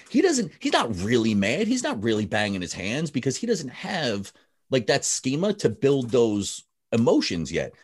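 A man's voice: mid-range voice, husky. A man, a father, talking bluntly and heatedly about parenting in a casual podcast chat, full of swearing.

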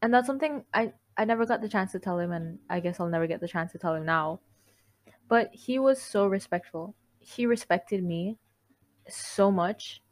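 A woman's voice: mid-range voice, animated, normal speed. A young woman hosting a podcast, talking in a candid, heartfelt monologue that rambles, restarts itself and breaks into giggles. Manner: rambling, self-interrupting, giggly. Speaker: podcast host. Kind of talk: casual confessional monologue.

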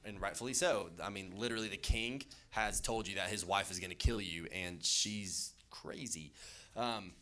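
Man, youth pastor, casual sermon, chatty asides, low pitch, sharp tone. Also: moderate pace. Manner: chatty, loose, jokey asides with many fillers.

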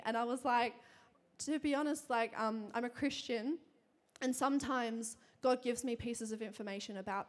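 A young woman giving a sermon to a congregation, telling a personal story in a chatty, quick way with lots of fillers and frequent laughter. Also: fairly high pitch. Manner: chatty, fast, laughing often, many fillers. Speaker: church speaker.

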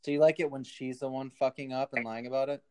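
A woman's voice: rumbling low, fairly even intonation, background noise. A woman co-hosting a podcast, chatting casually and giggling while recapping a reality show. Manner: chatty, giggly, quick asides. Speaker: podcast co-host.

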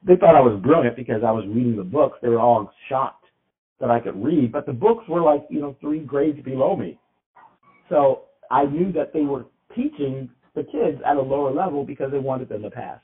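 A man's voice: mid-range voice, moderate pace. A man co-hosting a podcast, talking in a loose, rambling way with many restarts. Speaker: podcast co-host. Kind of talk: casual podcast chat. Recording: tinny phone-like sound.

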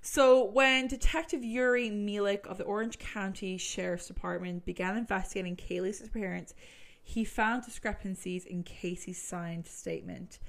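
Gravelly-voiced woman retelling true crime. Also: medium pitch, fairly even intonation, normal speed. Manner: chatty, filler-heavy, swears when worked up.

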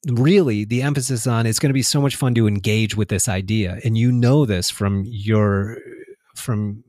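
Man, low voice, dry sound, reflective, casual spiritual talk, frequent light laughs. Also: steady tone, moderate pace, a little mellow, dry recording. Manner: reflective, laughs often, many fillers and restarts.

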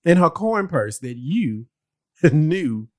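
A man's voice: a little high, very animated, slow, a little mellow, no room sound, studio quality. A man co-hosting a casual chat who laughs often and protests playfully.

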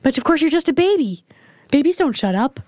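A woman's voice: high voice, very animated, fairly quick, a little mellow, no echo, studio quality. A middle-aged woman telling a candid personal story as an interview guest, frank and blunt in how she speaks. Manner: frank and blunt, plain-spoken. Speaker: interview guest, mother of the host.

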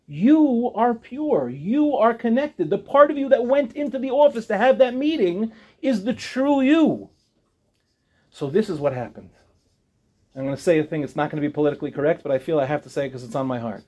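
A man in his forties, a rabbi giving an animated Torah class to young women in a classroom, acting out quoted voices with humor. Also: high voice, a little fast, slightly rough. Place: classroom before an audience.

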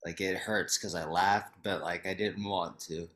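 A young man with a lowish voice in a loose podcast conversation. He rambles, leans on fillers and keeps laughing through his own points. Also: steady tone, measured pace, a bit bright. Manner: rambling, laughs while talking, frequent fillers. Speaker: podcast co-host. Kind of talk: casual chat.

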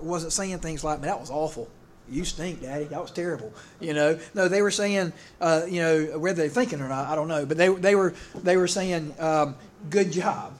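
A middle-aged man, preaching a casual sermon in a rambling, halting way, full of fillers and restarts. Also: on the high side, a little hiss or hum. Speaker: pastor.

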